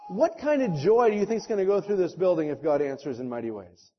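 High-pitched guy pastor preaching hard, urgent then hushed in prayer, muffled lo-fi audio. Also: expressive, fast. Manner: impassioned preaching, rising loud exhortations then hushed prayer. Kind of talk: sermon. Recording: dull lo-fi sermon recording.

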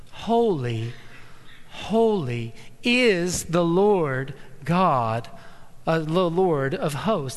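A man preaching a sermon as pastor, emphatic and animated, repeating words for stress. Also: high voice, big-room sound.

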